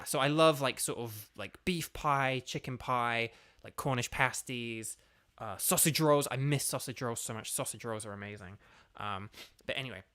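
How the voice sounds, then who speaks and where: A young British man, a game streamer and voice actor, chats casually while livestreaming a video game, rambling with lots of fillers. His voice is mid-range and a bit bright, with faint music in the background.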